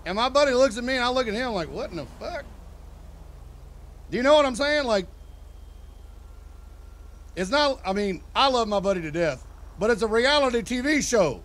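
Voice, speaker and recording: A man's voice: very high-pitched, expressive, brisk, pauses often, fairly bright tone. A man in a game role-play, telling a joking, profane story in a casual, chatty way.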